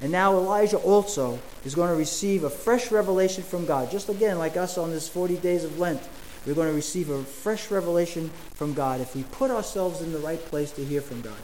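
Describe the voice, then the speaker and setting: A man preaching a sermon in an earnest way, with pauses and fillers. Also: on the high side, a little mellow, a little hiss or hum, low-quality recording.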